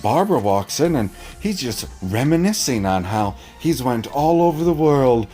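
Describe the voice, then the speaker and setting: A man recapping a TV episode in a casual, profane, animated way, sarcastic and acting out characters' lines. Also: mid-range voice, moderate pace, soft background music. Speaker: TV episode reviewer.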